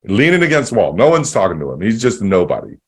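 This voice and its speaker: A man with a fairly low voice hosts a casual podcast chat. He rambles through a story with restarts and quick acted-out dialogue. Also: huge pitch swings, darkish tone, breathy edge. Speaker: podcast host.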